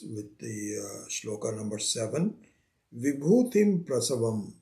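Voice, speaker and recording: A man teaching a spiritual scripture class, unhurried, repeating his phrases and acting out the seekers he quotes. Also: medium pitch, gravelly, a little mellow. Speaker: Vedanta teacher.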